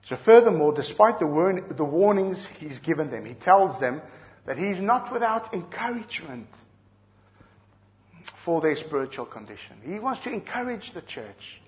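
A middle-aged man preaching a sermon, earnest and measured, dropping soft and then rising loud to drive a point home. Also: a little high, sing-song. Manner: earnest, swings from soft to shouting for emphasis. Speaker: pastor.

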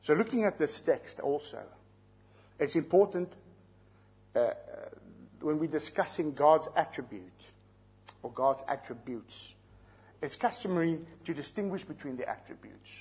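A man's voice: a little high, animated, unhurried, long pauses, darkish tone, breathy edge. A man with a South African accent preaching an expository sermon, explaining scripture verse by verse and putting questions to his listeners. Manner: teaching, explains terms, asks the listeners questions.

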